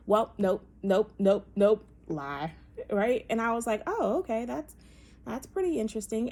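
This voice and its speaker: A woman's voice: mid-range voice, darkish tone. Emphatic woman talking with many fillers. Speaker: podcast host. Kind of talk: casual opinion monologue.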